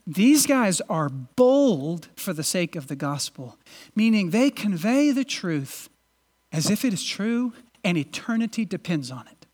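Lively, emphatic preacher delivering a sermon. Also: medium pitch. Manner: earnest, emphatic preaching with frequent restarts. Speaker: pastor. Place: church congregation in a city.

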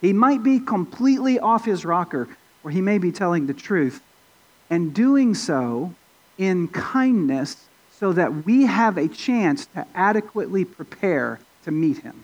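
This male pastor sounds very animated yet a little slow, his darkish tone coming through a recording with the highs cut off. His expository sermon is conversational, full of fillers and restarts, and he lifts his pitch and volume to stress points.

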